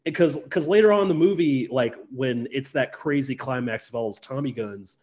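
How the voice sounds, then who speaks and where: A man's voice: mid-range voice, brisk, a little mellow. A man co-hosting a podcast, chatting enthusiastically with many fillers. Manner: enthusiastic, filler-heavy, lots of "like" and "um". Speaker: podcast co-host. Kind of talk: casual chat.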